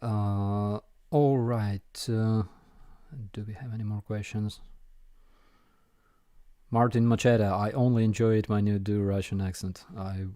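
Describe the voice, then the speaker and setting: A man with a Ukrainian accent hosting a casual live Q&A, answering viewer questions in an unhurried way with frequent ums and dry jokes. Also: on the low side, steady tone, warm tone, clean tone, dry recording. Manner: unhurried, frequent ums and uhs, dryly joking.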